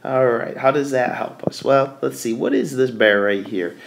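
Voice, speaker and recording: A man teaches a math lesson in a mid-pitched voice, working through each point aloud as he draws. He pauses to catch and correct his own slips. Faint hiss and small clicks sit behind the recording. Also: gravelly. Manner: talks while drawing, corrects himself and thinks aloud.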